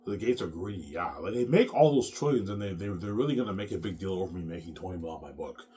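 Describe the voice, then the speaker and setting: Guy with a really low voice rambling on, stuttering the same word over and over, swears a lot. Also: animated, quick pace, dark tone. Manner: repetitive, stammering, profane. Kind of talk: rambling monologue.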